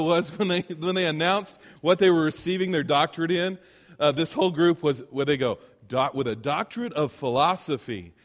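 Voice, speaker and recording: A man doing stand-up storytelling on a stage with a handheld microphone, with animated, self-deprecating anecdotes and acted-out quotes. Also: high-pitched. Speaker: comedian. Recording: long hall reverb.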